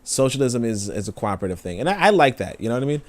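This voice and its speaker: A man's voice: mid-range voice, very animated, racing, a little mellow. A man hosting a stream, reading an essay aloud and breaking off for rambling, emotional asides full of fillers. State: tearful. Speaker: host reading and commenting. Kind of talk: livestream reading with casual commentary.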